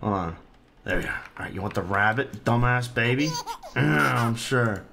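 A man talks through a game in loose, profane commentary, needling the characters on screen. His pitch leaps around constantly. There is a gravelly fry in his tone and a bright, forward quality. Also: lively intonation, normal speed, slight background noise. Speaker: gaming channel host. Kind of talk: casual let's-play commentary.

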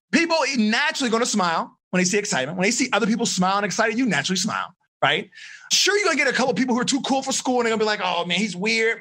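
A man coaching teenagers on a video call, energetic and encouraging, quizzing his listeners as he teaches. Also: high voice. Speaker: life coach. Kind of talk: live online seminar for teens.

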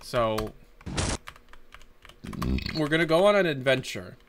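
Swearing, joking and rambling, a man gives casual live commentary while streaming a game through a desk mic. He speaks slowly in a mid-range voice with lively intonation, and there is noise in the background.

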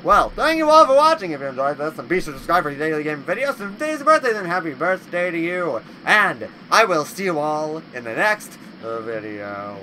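A man hosting a let's play horror game video, talking to the game and yelling at its monsters. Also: fairly high pitch, a little fast, hardly any pauses, low-quality recording. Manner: loud, excitable, yelling insults at game monsters. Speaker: gaming video host.

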